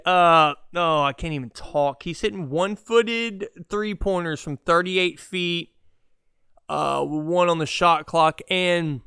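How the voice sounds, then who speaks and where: A man hosting a sports podcast in an excited, cursing rant. His voice sits a little high and sounds smooth and clear. The recording is close and dry. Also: no room sound. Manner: excitable, fast, profane ranting. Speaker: podcast host.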